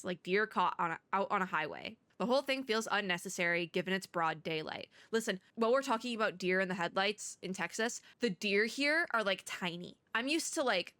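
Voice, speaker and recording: A woman's voice: mid-range voice, fairly bright tone, dry recording. A young woman from Michigan reading a game's story aloud with chatty, laughing asides. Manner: chatty, laughs often, wanders into stories. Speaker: gaming content creator.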